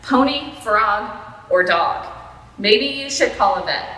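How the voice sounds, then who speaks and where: A woman reading aloud and voicing a cheerful, literal-minded young housekeeper in a storybook, bright and earnest. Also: on the high side, expressive, takes it slowly, heavily acted. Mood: chirpy. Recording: echoey hall, voice from far off.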